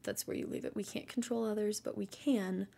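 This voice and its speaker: Soft-spoken woman with a gravelly, husky voice. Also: mid-range voice, fairly even intonation, fairly quick. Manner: earnest, gentle, often drops to a soft near-whisper. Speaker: Christian mother giving devotional teaching. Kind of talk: casual devotional talk.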